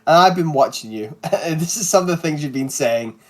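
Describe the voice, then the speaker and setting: A man player in a tabletop game who speaks haltingly and sounds suspicious of others. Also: a little high, lively intonation. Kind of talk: tabletop play.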